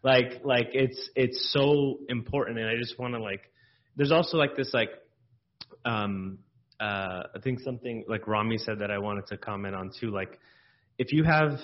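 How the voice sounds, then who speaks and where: An earnest man talks in a support group, circling his point with many fillers and restarts. His voice is mid-pitched. The recording is dull and lo-fi. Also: normal speed. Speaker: group participant. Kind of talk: group discussion.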